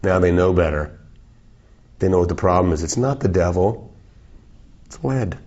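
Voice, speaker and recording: Interviewee, male, 40s, from South Africa: very low, husky voice, joking and rambling, with a muffled lo-fi sound. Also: animated, moderate pace, a little mellow. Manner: rambling, playful, jokey, swears freely. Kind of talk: casual interview chat.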